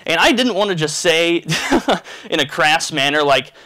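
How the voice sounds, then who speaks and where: A man telling a crude, rambling story in a casual vlog, animated and full of restarts. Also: on the high side, a little slow. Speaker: vlogger.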